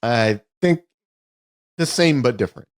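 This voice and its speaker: A man co-hosting a podcast, retelling a film's plot in a casual, explanatory way with slow, deliberate stretches. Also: mid-range voice, expressive, smooth, no echo. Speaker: podcast co-host. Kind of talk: casual film review chat.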